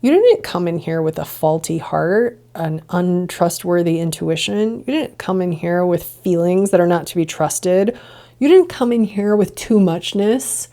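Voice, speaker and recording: Woman podcast host, gravelly low voice, earnest reflective monologue, rhetorical questions. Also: lively intonation, a little slow, dark tone. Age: adult, past childhood and drinking years. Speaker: podcast host, integration coach.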